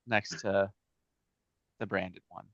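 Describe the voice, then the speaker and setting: A man running a tabletop game as game master, giving rulings in a measured, matter-of-fact way. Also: sits low, flat delivery, no room sound. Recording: dry, slightly dull audio.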